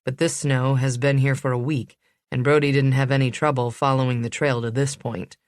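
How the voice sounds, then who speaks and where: A woman reading the lines of a patient male dog handler in an audiobook, explaining calmly. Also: medium pitch, a little fast, no echo, clean studio sound, lightly acted.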